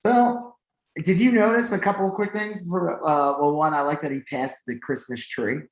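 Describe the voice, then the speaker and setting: A man's voice: fairly high pitch, normal speed. Rambling man in an echoey room. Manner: rambling, filler-heavy, animated when excited. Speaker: podcast co-host. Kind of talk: casual chat.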